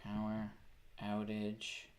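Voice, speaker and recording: A man's voice: on the low side, monotone, takes it slowly, a little hiss or hum. A young man chatting casually on a live stream, rambling, sarcastic and swearing freely. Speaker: livestreamer.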